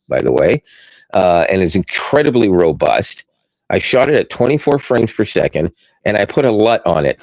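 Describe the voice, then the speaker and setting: A man co-hosting a podcast, chatting casually about tech, animated and self-deprecating, laughing often. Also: deep voice, dry recording, low-quality recording. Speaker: podcast co-host.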